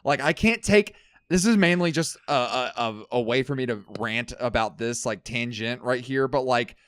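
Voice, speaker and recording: A young man co-hosting a podcast, ranting in casual chat with lots of swearing and sudden loud, high bursts. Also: moderate pace, dry recording. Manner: ranting, heavy swearing, swings loud and high when worked up. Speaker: podcast co-host.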